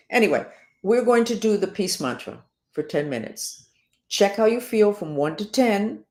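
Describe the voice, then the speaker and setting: A woman's voice: mid-range voice, very animated, moderate pace, darkish tone, roomy sound. A woman hosting a self-help talk, rambling and sarcastic, with emphatic stresses. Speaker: host.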